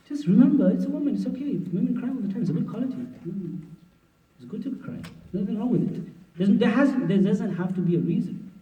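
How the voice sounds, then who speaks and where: A mufti gives a humorous, conversational workshop lecture on marriage in a mosque hall at a conference, acting out what spouses say. His high voice moves fairly quickly, and the distant mic picks up a roomy hall with a dull sound.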